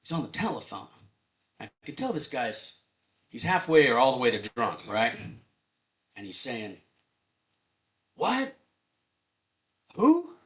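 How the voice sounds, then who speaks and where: A man in his fifties telling a personal story at a live storytelling event, conversational and animated. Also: mid-range voice, moderate pace, pauses often. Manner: animated, conversational, acts out voices.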